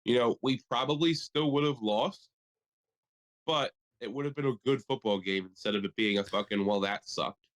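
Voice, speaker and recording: A man co-hosting a podcast in casual chat, riffing in a profane, animated way. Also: mid-range voice, moderate pace. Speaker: podcast co-host.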